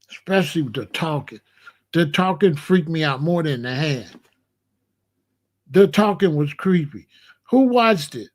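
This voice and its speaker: A man's voice: fairly high pitch, lively intonation, measured pace, pauses often. A man hosting a live reaction stream, talking casually to his chat, repeating himself and tossing questions to the audience. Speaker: commentary channel host.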